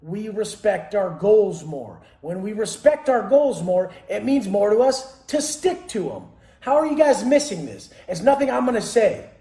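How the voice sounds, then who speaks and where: A man's voice: sits high, sing-song, measured pace, dark tone, roomy sound. A man giving an intense motivational monologue, blunt and heavily profane, firing off rhetorical questions. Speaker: motivational speaker.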